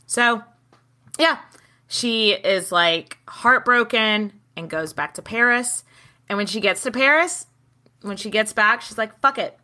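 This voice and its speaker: A woman co-hosting a casual history podcast, telling the story with lively acted-out quotes and casual swearing. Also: on the high side, takes it slowly. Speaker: podcast co-host.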